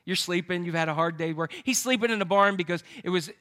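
A man's voice: high voice, quick pace, pushed and bright. A man preaching a sermon, telling a scripture story with jokes to his congregation. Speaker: pastor.

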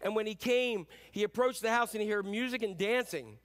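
A male pastor with a high voice preaching a sermon. He tells the story with lively energy, slipping into characters as he goes. The tone is loose and conversational. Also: fairly quick. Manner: animated storytelling, acting out characters.

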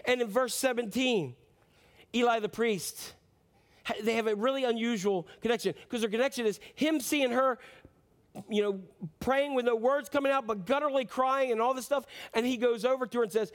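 A man with a notably high voice preaches an earnest, impassioned sermon. He speaks straight to his congregation and keeps putting questions to them as he goes. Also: expressive, moderate pace. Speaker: pastor.

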